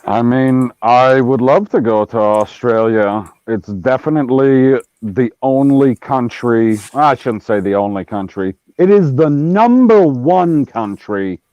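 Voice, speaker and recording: A man's voice: mid-range voice, animated, unhurried, mellow, no room sound. A man co-hosting a casual podcast chat, joking with wry asides. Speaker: podcast co-host. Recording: dull lo-fi sound.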